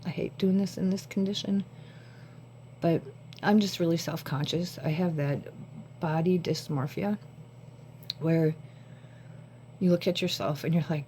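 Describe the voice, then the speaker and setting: A woman with a lowish, mellow voice talks to her phone camera at home. Short on sleep, she rambles casually from one thought to another. A faint hum sits under her voice. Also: fairly even intonation, unhurried, pauses often. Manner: rambling, jumps between thoughts. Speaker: vlogger.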